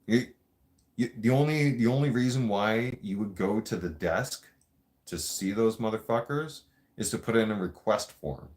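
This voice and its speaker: A man with a very low voice tells stories in loose, casual chat. He talks bluntly, swears freely and laughs as he goes, like a podcast host riffing with no script. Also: normal speed, darkish tone. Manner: blunt, profanity-heavy, laughs often. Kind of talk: casual storytelling.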